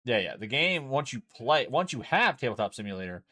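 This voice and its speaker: A man's voice: mid-range voice, very animated, a little fast, bright, forceful tone. Casual, swearing male streamer. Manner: loose and chatty, swears freely. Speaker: streamer teaching a card game. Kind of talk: casual chat while playing.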